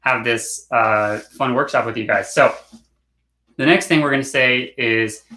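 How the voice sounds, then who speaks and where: A man teaching an online hand drumming workshop, relaxed and encouraging, and chanting phrases in rhythm. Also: mid-range voice, unhurried. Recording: echoey room with drumming.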